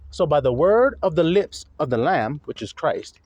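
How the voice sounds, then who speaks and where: A man preaching a fiery sermon, reading scripture slowly and dropping into low, profane asides between high, mocking impressions. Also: very animated, a little mellow, no echo, lo-fi sound. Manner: reads scripture slowly and deliberately.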